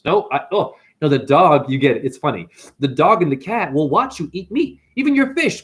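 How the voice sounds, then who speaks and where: A man's voice: fairly high pitch, lively intonation, moderate pace. A man who is a spiritual teacher and numerologist, in a preachy livestream rant that swings between whoops and mutters.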